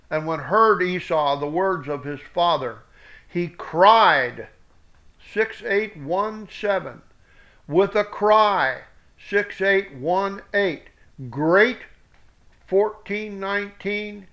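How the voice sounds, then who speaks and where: A man's voice: high voice, a bit bright. A man teaching scripture, reading it word by word with reference numbers and adding blunt spoken asides. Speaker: Bible teacher. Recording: dull lo-fi recording.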